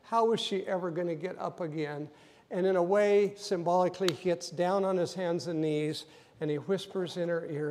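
A male pastor in a church sanctuary, delivering a sermon as a story. His voice sits fairly high, and he acts out the scenes and builds to loud emphasis. Long reverb rings through the big hall around him. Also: moderate pace, slight background noise.

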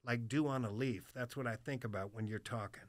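A gruff old military man, sober for decades, speaks slowly in a low, hushed and earnest tone, as a storyteller puts him on. The voice sits lower and softer than the teller's own. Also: no room sound, studio quality, close to an everyday voice. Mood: tender.

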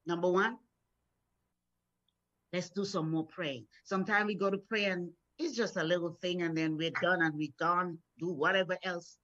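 A woman's voice: lowish voice, fairly even intonation, moderate pace, a bit bright. A middle-aged woman minister from Florida preaches a devotional sermon, encouraging her listeners and telling stories from her own life. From Florida, USA. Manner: encouraging, storytelling, repeats words when building up. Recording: dull lo-fi sound.

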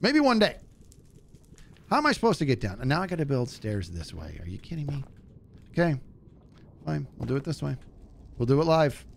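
A man streaming a game, telling a story in a casual way and acting out the people in it with a higher voice, laughing often. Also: brisk, creaky, pauses often, slight background noise. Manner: animated, acts out quotes in a higher voice, laughs often. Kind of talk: casual storytelling while gaming.

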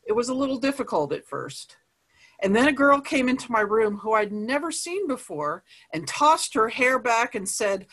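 A woman's voice: on the high side, big pitch swings, normal speed, a bit bright. Woman curator reading old letters aloud. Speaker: archive curator.

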